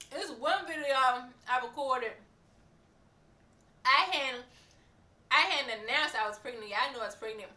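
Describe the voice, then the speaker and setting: Bright-voiced chatty woman in an echoey room. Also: high voice, unhurried, long pauses, far from the mic. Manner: chatty, rambling, many fillers and restarts. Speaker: vlogger. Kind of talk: casual pregnancy update vlog.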